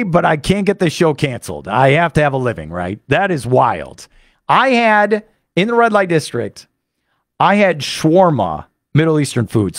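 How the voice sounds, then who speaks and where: A man hosting a sports radio show, telling a rambling, excitable story full of fillers into a studio microphone. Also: fairly high pitch, no echo. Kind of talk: animated monologue recapping a trip.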